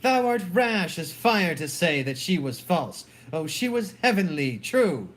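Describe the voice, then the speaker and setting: A fierce, fearless waiting-woman, as a man reads her, hurling urgent accusations in a voice pitched high. The delivery is slow and weighty between the outbursts. A dramatic play reading. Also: very animated, a bit bright, full character voice. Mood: accusing.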